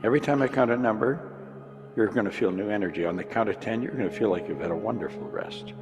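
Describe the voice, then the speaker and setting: A man leading a guided hypnosis, speaking in slow, soothing, repetitive commands. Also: lowish voice. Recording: reverberant recording with music underneath.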